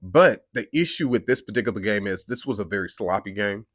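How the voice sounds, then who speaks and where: A man's voice: on the low side, expressive, a little fast, dry recording, studio quality. A man hosting a podcast, giving a rambling, emphatic and frustrated fan reaction after a game. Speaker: podcast host.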